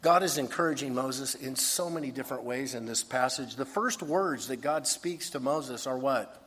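A man with a husky, slightly breathy voice delivers a sermon as a pastor. He swings from hushed, intimate lines to emphatic ones. His voice trails off into the long reverb of a big hall. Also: mid-range voice, normal speed. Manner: earnest, shifts between hushed and emphatic.

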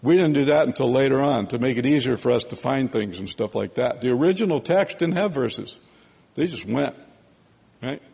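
A man teaching a sermon in a relaxed, conversational way, often checking in with "right?" and "okay?". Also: mid-range voice, normal speed, gravelly, slightly rough, big-room sound.

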